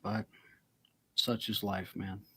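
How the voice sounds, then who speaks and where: A man's voice: lowish voice, level tone, slow, pushed and bright, slightly rough, dry recording. Brief: male podcast co-host, jokey and irreverent, a dry close sound. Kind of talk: casual podcast chat.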